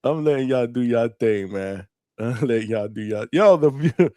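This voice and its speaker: A man's voice: medium pitch, lively intonation, normal speed, mellow, no echo, clean studio sound. A man hosting a live call-in boxing show, laughing often and talking in playful slang. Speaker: host.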